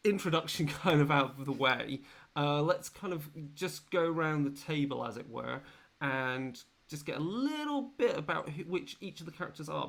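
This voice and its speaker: A man hosting as game master, introducing his players and the tabletop game in a chatty, rambling way with many fillers. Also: fairly high pitch.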